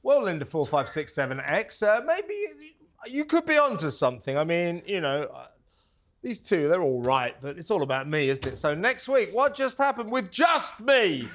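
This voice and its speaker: A man hosting a lively studio chat show, loud and teasing with his guests. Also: a little high, normal speed. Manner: loud, teasing, jokey, puts on American voices. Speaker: host.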